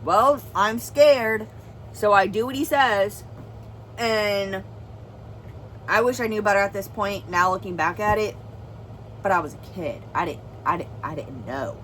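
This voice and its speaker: A woman's voice: mid-range voice, measured pace, pauses often, a bit bright, slight background noise, poor audio. A young woman vlogger telling a serious personal story in an earnest, rambling way, full of "like" and "well". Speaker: family vlogger.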